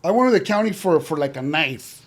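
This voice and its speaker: Relaxed man telling street stories. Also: on the high side, brisk. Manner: street slang, many "you know" fillers. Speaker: podcast guest. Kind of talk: casual interview storytelling.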